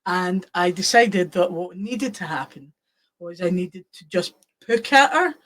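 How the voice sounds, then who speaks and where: A woman's voice: lowish voice, animated, unhurried, fairly bright tone. Teasing woman podcast guest. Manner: teasing, playful. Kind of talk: casual chat.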